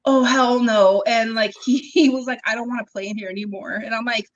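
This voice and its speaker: A young woman, a podcast guest, telling her own story in a casual, animated way, acting out what people said, with ums and laughs along the way. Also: a little high, quick pace, dull audio. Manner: animated, acts out quoted dialogue, frequent ums and laughs. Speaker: interview guest.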